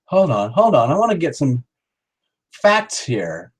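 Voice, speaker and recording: A man's voice: fairly high pitch, huge pitch swings, unhurried, husky. Joking man chatting to a live-stream audience. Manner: jokey, rambling, talks straight to viewers by name. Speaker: tarot reader hosting a live stream. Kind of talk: casual live-stream chat with viewers.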